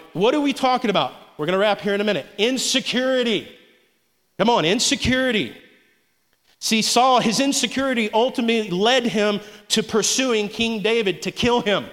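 High-voiced young preacher in a reverberant hall. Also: male voice, fairly bright tone. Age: young adult. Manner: preaching with frequent calls of "come on". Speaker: pastor. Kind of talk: sermon.

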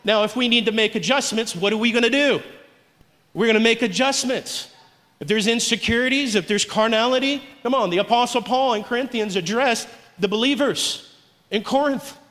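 A man's voice: extremely high pitch, a bit bright, big-room sound. A man preaching a sermon to a congregation in a church, urging call-and-response from the pews. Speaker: pastor. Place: church sanctuary.

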